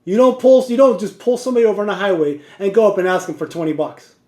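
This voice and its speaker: High-pitched guy, truck driver telling a story, all over the place, echoey room. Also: quick pace. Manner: animated, laughing, digressive. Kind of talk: casual storytelling vlog.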